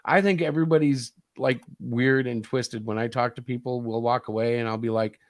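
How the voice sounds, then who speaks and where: Casual host: man, middle pitch, rambling joker, close dry mic. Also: steady tone, moderate pace, no room sound. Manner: joking, rambling storyteller. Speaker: comic creator and show host. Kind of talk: casual chat.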